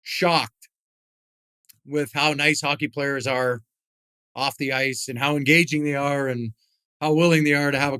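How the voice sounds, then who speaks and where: A man's voice: on the high side, bright, forceful tone, clean tone, no room sound. A middle-aged man, a podcast guest, telling stories in a rambling, casual way with many fillers and restarts. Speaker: podcast guest, retired hockey player and whisky founder. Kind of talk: casual interview storytelling.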